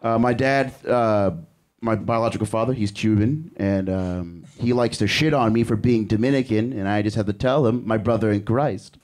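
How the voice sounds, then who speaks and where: A man's voice: on the low side, moderate pace, darkish tone. A young man doing a crude, rambling stand-up set on a comedy club stage, breaking off to laugh at himself. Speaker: stand-up comic.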